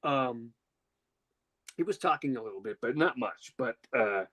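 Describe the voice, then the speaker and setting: Animated storytelling man, lively pitch. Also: measured pace, rough recording. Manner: animated, acts out quotes with pitch jumps, swears casually. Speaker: podcast host. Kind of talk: casual storytelling chat.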